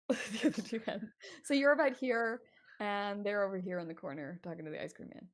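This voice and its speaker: A woman in the game master's seat, laughing easily as she narrates the scene. Her voice sits at an ordinary middle pitch. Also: moderate pace. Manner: laughs often, playful.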